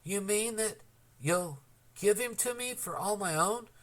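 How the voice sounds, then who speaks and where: A man doing a high, eager young boy. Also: expressive, normal speed, fairly bright tone. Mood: excited. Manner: high, breathless and gushing. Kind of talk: audiobook character voice.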